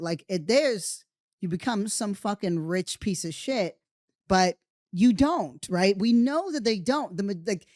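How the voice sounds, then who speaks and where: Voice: mid-range voice, a little mellow, no echo, clean studio sound. A podcast host talking in a casual, rambling monologue, often swearing and tagging on "right?" and "you know".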